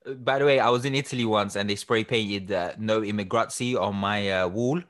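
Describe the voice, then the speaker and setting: Man, lowish voice, quick rambling delivery, casual chat. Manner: rambling, repeats words, trails off quietly.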